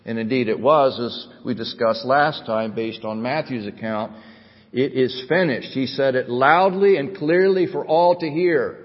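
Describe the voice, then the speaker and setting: A male pastor delivers a sermon at a middle pitch, his phrases rising and pressing for emphasis before easing back into steady teaching. The audio sounds muffled and dull, and his voice fades into a long hall reverb.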